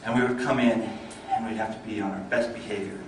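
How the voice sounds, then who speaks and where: A man giving a storytelling speech at a speaking club, swinging from lively and loud to low and hushed. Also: fast talker, noisy background. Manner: animated, builds up energy then drops low. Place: meeting hall. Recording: echoey hall, mic far off.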